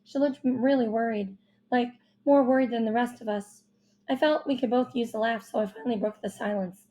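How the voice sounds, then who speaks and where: A woman reading a first-person children's novel aloud with expressive, youthful storytelling. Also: fairly high pitch, fairly quick. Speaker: audiobook narrator.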